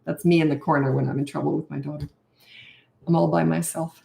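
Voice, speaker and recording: A woman's voice: sits low, steady tone, brisk, gravelly, dark tone, roomy sound. An older woman and parenting coach answering viewer questions in a frank, blunt, self-mocking way.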